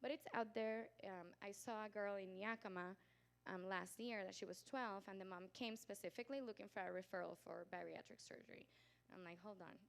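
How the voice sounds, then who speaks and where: A woman doctor giving a lively conference lecture, acting out patients and relatives and laughing often. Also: medium pitch, brisk, creaky. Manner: animated storyteller, acts out patients and family; laughs often, talks with growing volume. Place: conference hall.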